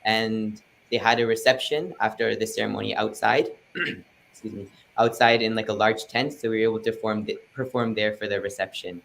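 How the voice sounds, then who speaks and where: A man's voice: fairly low pitch, fairly even intonation, moderate pace, gravelly, fairly bright tone. A teenage boy, a guest musician, answering interview questions politely and eagerly. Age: teens.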